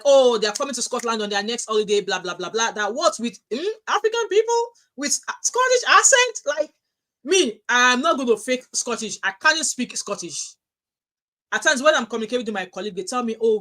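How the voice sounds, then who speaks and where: A middle-aged woman with a Nigerian accent, chatting casually on a livestream, telling animated stories and reading out viewer comments. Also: medium pitch. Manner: animated storytelling with frequent restarts, reads out chat messages.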